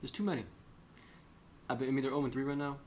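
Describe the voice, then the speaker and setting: A man's voice: medium pitch, quick pace. Young man telling rambling joking stories. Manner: rambling, joking, animated storytelling. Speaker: podcast co-host. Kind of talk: casual chat. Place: small room.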